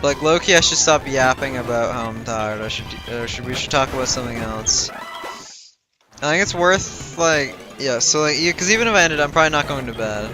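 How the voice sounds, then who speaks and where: A tired young man streams a game over its music, yawning as he rambles and thinks aloud with plenty of fillers. His medium-pitched voice is expressive and brisk in this casual livestream chat.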